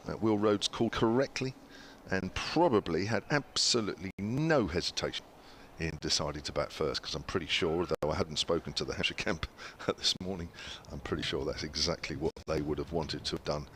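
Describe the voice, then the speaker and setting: A man calls cricket ball by ball in an easy, chatty way, and his voice sits very low. He pauses often on little fillers between deliveries, and a faint hum of the ground stays behind him. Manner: relaxed, chatty, frequent "uh" fillers. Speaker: cricket commentator. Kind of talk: ball-by-ball radio commentary.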